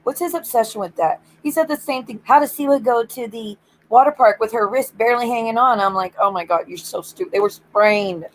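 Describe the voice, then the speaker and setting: A woman's voice: fairly high pitch, a little fast, a little hiss or hum, poor audio. A woman streamer ranting bluntly and swearing in casual stream chat.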